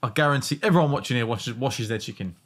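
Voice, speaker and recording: A man's voice: mid-range voice, fast talker, a bit bright, husky. A man in his thirties with a South London accent, a laid-back guest teasing his partner in a casual chat. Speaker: podcast guest.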